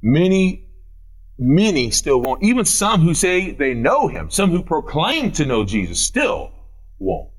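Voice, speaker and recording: A male pastor delivering a sermon in a fairly high voice. His pitch leaps around animatedly as he drives points home through repetition. He swings between loud declarations and quiet asides. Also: wildly swooping pitch, unhurried, poor audio. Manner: emphatic preaching with heavy repetition, swinging between loud and hushed. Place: church.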